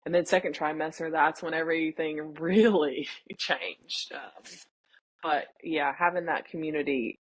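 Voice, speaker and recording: Here the young woman guest has a low-pitched, steady voice with a measured pace and a slightly rough texture, recorded without echo. She's candid and emotional in the casual interview, often playing out family dialogue.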